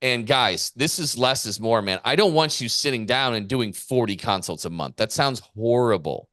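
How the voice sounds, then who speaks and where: A man's voice: mid-range voice, animated, moderate pace, fairly bright tone, no echo, clean studio sound. Fired-up emphatic man on a podcast. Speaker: podcast co-host and business coach. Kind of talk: casual podcast chat.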